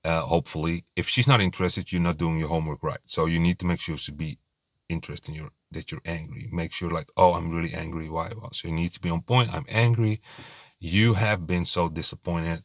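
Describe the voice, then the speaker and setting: Low-voiced man, blunt and rambling; casual advice monologue with a dry, close sound. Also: fairly even intonation, a little fast, dry recording. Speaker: dating advice vlogger.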